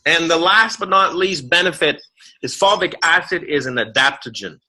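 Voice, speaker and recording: Middle-aged male presenter, earnest explainer, bright forceful tone. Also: a little high, moderate pace, rough recording. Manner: earnest, explanatory, frequent word repeats. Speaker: product presenter. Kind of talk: promotional health talk.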